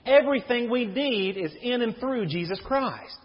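A man's voice: extremely high pitch, expressive, normal speed, breathy edge. A man preaching a sermon as a pastor, reading scripture aloud and explaining it to the congregation. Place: church sanctuary. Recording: dull recording in a reverberant hall.

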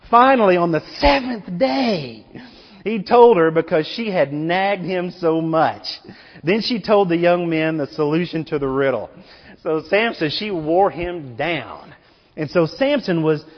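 Male preacher, animated storytelling, high lively voice, dull lo-fi sound, long hall reverb. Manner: animated storytelling, slangy paraphrase of scripture. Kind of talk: sermon.

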